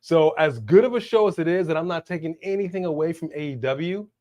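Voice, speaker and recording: Animated man hosting a live watch-along. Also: a little high, a little fast. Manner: animated, reads out viewer messages, slangy. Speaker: co-host of a wrestling watch-along stream. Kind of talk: casual live-stream chat.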